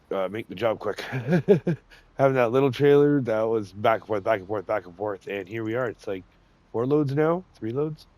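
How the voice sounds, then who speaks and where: A man's voice: fairly low pitch, dry recording. A middle-aged man with a cold, his voice nasal and congested, chatting folksily through farming gameplay as a gaming channel host and chuckling often. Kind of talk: casual gameplay commentary.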